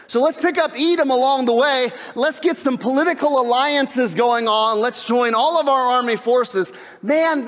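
A man preaching a sermon as a pastor, telling a Bible story in a lively way and asking the congregation questions. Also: high-pitched, big-room sound. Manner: animated storyteller, asks the crowd questions.

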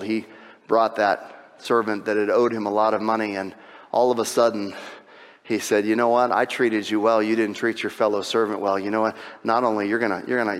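Impassioned pastor preaching in a hall. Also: male voice, on the low side. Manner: builds to impassioned, shouting peaks when retelling the parable; repeats phrases and restarts for emphasis. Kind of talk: sermon.

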